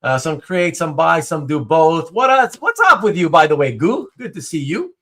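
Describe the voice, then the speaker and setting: High, lively-voiced man hosting a stream. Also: moderate pace. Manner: animated, stumbling restarts, reads viewer comments aloud. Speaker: host. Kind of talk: casual livestream chat.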